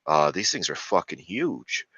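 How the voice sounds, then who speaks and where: Brief: very deep but bright-toned man ranting profanely in a casual monologue, dull lo-fi sound. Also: big pitch swings, unhurried, breathy edge, no room sound. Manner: profane, ranting, with frequent fillers. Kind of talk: rambling casual commentary.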